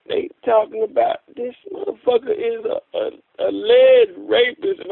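A man calling in to a radio show, ranting excitably and swearing, swinging between loud outbursts and low muttering. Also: moderate pace, vocal fry, hardly any pauses, no echo. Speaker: caller. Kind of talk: animated call-in rant. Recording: tinny phone line.

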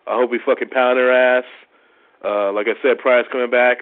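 A man's voice: mid-range voice, flat delivery, moderate pace. Male fan caller, profane frustrated rant, thin phone-quality audio. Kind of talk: ranting sports fan message. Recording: tinny phone-like line.

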